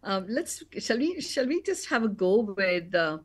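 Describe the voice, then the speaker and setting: Woman author from India, mid-pitched, soft and reflective interview guest. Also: sing-song, a little slow, breathy edge. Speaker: author and meditation teacher. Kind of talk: casual interview chat.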